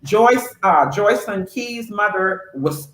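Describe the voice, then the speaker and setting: An older woman co-hosting a casual chat, speaking with lively encouragement about former students. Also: mid-range voice, slow. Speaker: co-host, former school staff. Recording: echoey room with faint noise.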